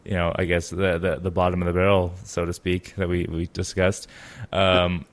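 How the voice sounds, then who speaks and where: A man with a very low voice hosts a casual gaming podcast chat. He rambles along, piling up fillers and restarting his sentences. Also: monotone, normal speed. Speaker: podcast host.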